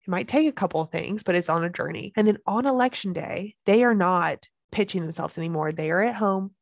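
A woman's voice: fairly low pitch, brisk, gravelly, no room sound. A woman hosting a solo podcast as a business coach, talking with energy and emphasis and repeating key phrases.

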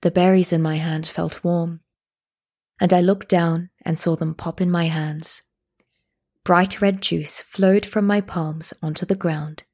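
A woman reading a first-person story aloud as narrator, at a steady, measured pace. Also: on the low side.

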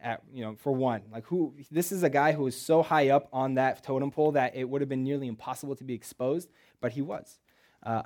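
In a church, a man with a mid-range, somewhat dark voice preaches, retelling a Bible story casually and with humor. He tosses out rhetorical questions and quick asides.

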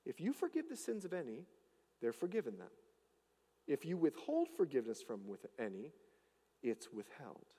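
A man preaching a sermon as pastor, swinging between loud declarations and hushed asides. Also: a little high, slightly rough, long reverb tail.

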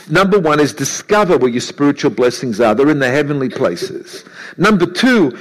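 A man preaching a sermon to a congregation, animated and lively, acting out Bible characters' voices in his story. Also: high voice, poor audio.

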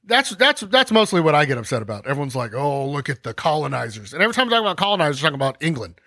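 A man's voice: a little high, sing-song, very fast, bright, forceful tone, no echo. A man hosting a podcast, explaining history casually, ranting and acting out scenes in comic voices. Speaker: podcast host.

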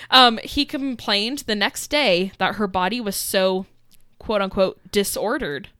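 A woman's voice: mid-range voice, measured pace, a bit bright, clean tone, dry recording, studio quality. A young woman casually telling a history story as co-host, chatty with fillers and giggles. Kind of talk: casual chat.

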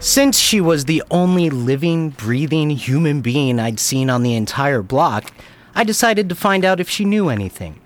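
A man narrating a first-person story in a lively, wry way. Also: a little high, normal speed.

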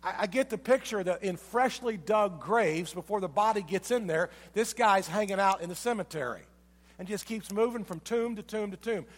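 A pastor delivering a sermon, retelling a story with emphatic repetition. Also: male voice, sits high, moderate pace, big-room sound.

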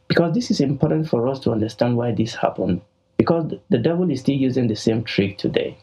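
Gravelly Nigerian man teaching the Bible. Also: medium pitch, darkish tone. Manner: emphatic, slowing on key words. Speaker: pastor and podcast host. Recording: poor quality audio.

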